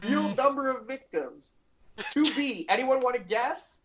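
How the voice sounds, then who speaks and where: A woman's voice: high voice, expressive, unhurried, muffled recording, background noise. A woman hosting a comedy news podcast, reading a story and breaking into giggles.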